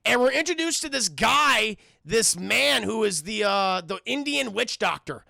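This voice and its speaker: Rambly cussing streamer guy talking to chat, gravelly voice, bright sharp tone. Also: high-pitched, expressive, measured pace, dry recording, studio quality. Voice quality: rambling, profane, addresses chat constantly. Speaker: streamer reviewing a cartoon. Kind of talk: casual profane recap to live chat.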